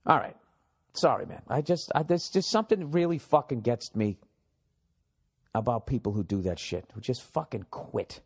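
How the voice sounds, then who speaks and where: A man's voice: medium pitch, normal speed, slightly rough. A man hosting a comedy podcast, telling stories and reading listener mail in a blunt, profane, mocking way. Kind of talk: casual podcast rant.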